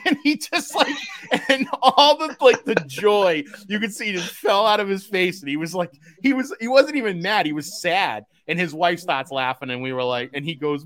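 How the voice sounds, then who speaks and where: This high-pitched male podcast host speaks at a moderate pace, spinning stories in a casual chat. He's an animated storyteller who laughs a lot and performs the quotes he recounts.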